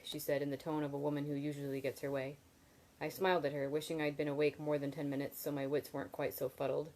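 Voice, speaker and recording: A woman's voice: low-pitched, flat delivery, quick pace, darkish tone, low-quality recording. A woman reading a novel aloud on a live video, stopping now and then for casual asides to her viewers. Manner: casual asides between reading, laughs at comments. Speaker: reader.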